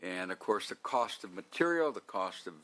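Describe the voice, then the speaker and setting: A man's voice: sits low, sing-song, normal speed, fairly bright tone. A man serving as a senator on the committee, speaking in a plainspoken way in support of a bill.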